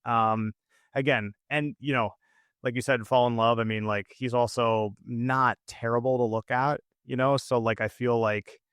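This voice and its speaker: A man's voice: medium pitch, steady tone, moderate pace, fairly bright tone, clean tone, no echo, studio quality. An American man co-hosting a podcast, chatting casually and rambling with lots of fillers and restarts. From United States. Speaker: podcast co-host. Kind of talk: casual chat.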